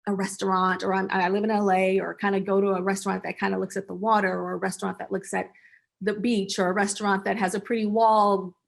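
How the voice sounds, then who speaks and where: An animated woman from the United States, speaking as a guest in a relaxed interview over a video call. Her voice is mid-pitched with a gravelly, fry-tinged texture. She keeps things lively and slips into playful voices. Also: fast. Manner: animated, acts out little voices of friends. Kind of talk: casual conversational interview.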